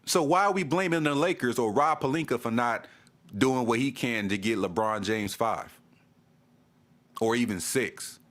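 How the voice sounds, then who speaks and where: A man's voice: medium pitch, normal speed, a bit bright. A man vlogging a fan rant, exasperated, repeating himself and stammering as he restarts. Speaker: sports vlogger. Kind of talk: ranting fan commentary to camera.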